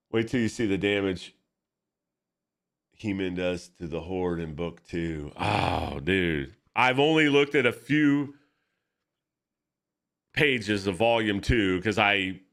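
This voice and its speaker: A man chatting casually while drawing at his art desk, excitable, profane and rambling. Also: lowish voice. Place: home art desk with camera setup.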